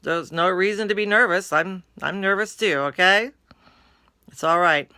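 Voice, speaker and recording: A woman voicing a shy, admiring female nurse on a date, impressed and gently nervous. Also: lowish voice, moderate pace, dry recording, clean studio sound, voice pushed up.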